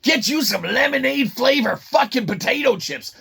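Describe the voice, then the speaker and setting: A man's voice: sits high, animated, moderate pace, creaky, few pauses, background noise. A man hosting a snack review, rambling and sarcastic with lots of swearing and silly voices. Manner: profane, sarcastic, jumps between silly voices.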